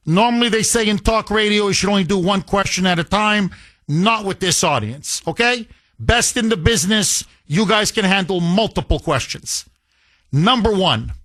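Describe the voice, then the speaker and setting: A man's voice: high voice, fairly bright tone. A man hosting a talk radio show, delivering a fiery, combative monologue that leans on repetition. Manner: impassioned, combative, repetitive rhetoric.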